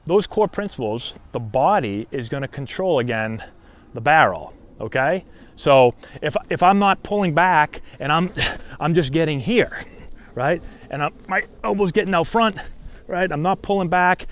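A man teaching baseball hitting in a casual talk to camera, often checking in with a quick "right?". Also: a little high. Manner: conversational, frequent "right?" check-ins.

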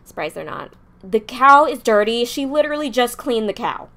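A woman's voice: a little high, big pitch swings, moderate pace, fairly bright tone. A young woman casually commenting while playing a life-simulation game, chatting along and scolding her characters in exasperation. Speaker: gameplay streamer.

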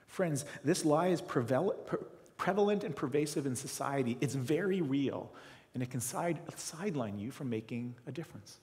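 A man's voice: mid-range voice, lively intonation, normal speed, darkish tone. A middle-aged Canadian man preaching a sermon as a pastor, telling stories animatedly and acting out his own inner voice. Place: church sanctuary. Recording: reverberant church hall.

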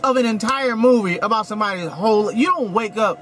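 A man's voice: high-pitched, brisk, a bit bright, a little hiss or hum. A man hosting a casual comedy chat, teasing his guest with provocative banter. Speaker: host, comedian. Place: inside a van.

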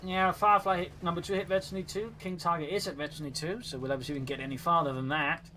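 Man, game co-commentator, bright sharp tone, slightly high, analytical, faint hiss. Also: steady tone, fast.

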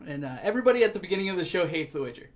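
A podcast co-host with a high-pitched, very animated voice rambles through a show's plot in casual chat. He briefly acts out the characters, dropping into quick put-on voices.

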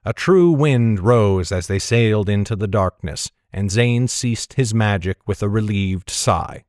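A man giving steady, measured narration of a fantasy story. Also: lowish voice, no room sound, studio quality. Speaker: audiobook narrator.

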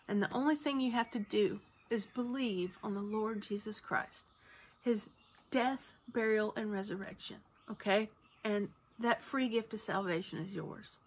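A woman's voice: mid-range voice, husky. A woman who teaches banjo, talking earnestly about her faith, choked up and sometimes dropping to a near whisper. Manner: earnest, soft, drops to a near whisper at times. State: choked up, tearful. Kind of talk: heartfelt casual talk about faith.

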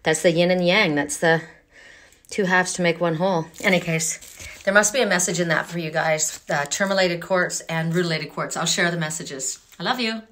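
Chatty woman card reader, lowish voice, loose rambling talk at home with a faint noise behind. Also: steady tone, normal speed, a bit bright. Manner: chatty, rambling, loses her train of thought; coos in a high baby voice to her pet. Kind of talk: casual chat to camera. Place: at home, in her bathroom.

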